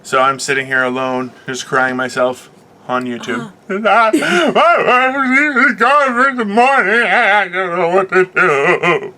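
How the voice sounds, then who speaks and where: High-pitched guy co-hosting a loose morning chat, swears a lot, bright sharp voice. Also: slow pace. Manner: profane, joking, animated rant; puts on silly voices when quoting people. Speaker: co-host. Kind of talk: unscripted casual chat.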